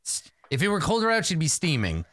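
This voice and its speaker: A man's voice: on the high side, huge pitch swings, fast, fairly bright tone, no room sound, studio quality. A man narrating a tabletop game as game master, telling the story with fillers and laughs.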